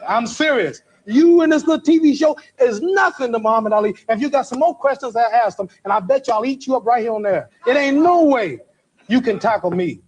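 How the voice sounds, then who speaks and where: Husky high-voiced guy, boastful and defiant, hammering questions at the host. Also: dull audio, a faint crowd. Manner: defiant, boastful, rapid-fire challenges. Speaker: boxer guest on a TV talk show. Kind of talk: heated archival TV debate.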